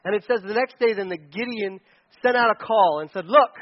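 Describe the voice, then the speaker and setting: A man preaching a casual sermon, retelling a story with lively acted-out lines and jokes. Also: sits high, a little fast, lo-fi sound. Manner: animated, acts out characters' lines with jokes and laughs.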